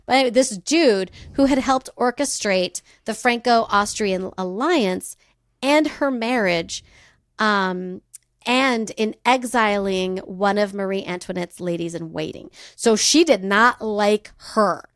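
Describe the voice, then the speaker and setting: A woman's voice: mid-range voice, slow pace, no echo, clean studio sound. A woman from California co-hosting a podcast, telling a history story in casual chat, laughing often and acting out quoted voices. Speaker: podcast co-host.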